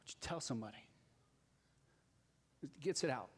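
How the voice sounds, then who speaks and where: A man's voice: medium pitch, expressive, moderate pace, slightly rough. A male pastor preaching a sermon, earnest and building to urgent exhortation. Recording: long hall reverb.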